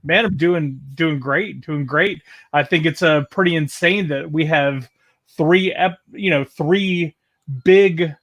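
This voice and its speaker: A man co-hosting an online show in a relaxed, rambling way, often stopping and restarting. His voice sits somewhat high for a man. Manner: laid-back, rambling, halting delivery. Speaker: show co-host. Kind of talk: casual livestream chat.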